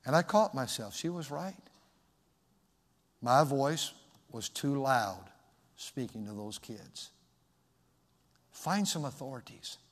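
A middle-aged man preaching from the pulpit, his voice at an ordinary male pitch. He speaks personally and conversationally, with pauses and restarts, and the sound trails off in a long church reverb. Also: expressive. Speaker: pastor. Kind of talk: sermon.

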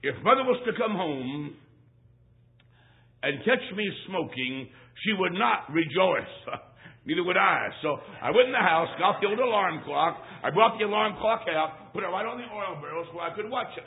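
A man's voice: high voice, lively intonation, normal speed. A man preaching a sermon, telling a folksy story from his boyhood in an emphatic way and repeating phrases for effect. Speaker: traveling preacher. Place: church. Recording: tinny phone-like recording.

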